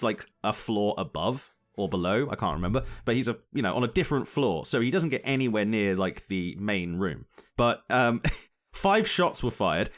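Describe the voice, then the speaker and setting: Rambling, sweary young man on a podcast. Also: mid-range voice. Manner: rambling and sweary, often laughing. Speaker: podcast co-host. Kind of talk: casual chat, storytelling.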